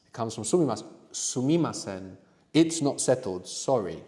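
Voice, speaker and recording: A man's voice: medium pitch, lively intonation, fairly quick, mellow. Man teaching a lesson in a reverberant room. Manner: prompting questions, frequent "no?" tags. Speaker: language teacher. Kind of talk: interactive language lesson.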